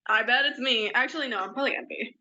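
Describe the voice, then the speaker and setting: A woman's voice: on the high side, fast talker, sharp tone, highs cut off. A young woman co-hosting a podcast in casual chat, rambling and self-deprecating. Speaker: podcast co-host.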